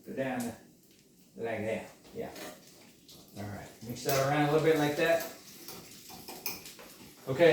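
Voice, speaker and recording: A man chatting in a folksy way as he walks through cooking a dish step by step in his kitchen. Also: on the high side. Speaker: home cook. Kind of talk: casual cooking demonstration. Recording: echoey room, mic far off, cooking noise.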